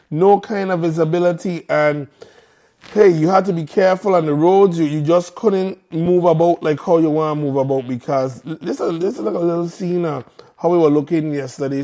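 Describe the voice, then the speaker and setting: A man's voice: a little high, dark tone. A man with a Virgin Islands accent hosting a live morning show, chatting casually and repeating phrases in local slang.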